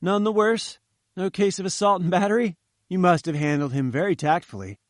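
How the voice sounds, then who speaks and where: A man voicing an eager, cheerful young male journalist who talks briskly, in an audiobook reading. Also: high-pitched, dry recording, clean studio sound, pitched above the performer's own voice, lightly acted. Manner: brisk and enthusiastic.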